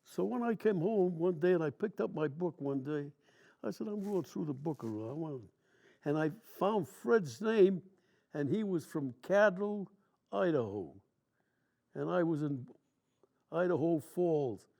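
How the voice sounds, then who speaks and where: A man's voice: fairly high pitch, lively intonation, unhurried, vocal fry, darkish tone. A man in his nineties, a war veteran, telling long stories from memory in plain, rambling, colloquial speech during an interview. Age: 90s.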